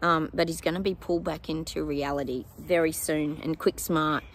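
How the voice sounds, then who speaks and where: A woman's voice: sits low, steady tone, normal speed, slight background noise. A woman giving psychic predictions to her viewers in a casual, chatty way, with many ums and apologetic asides.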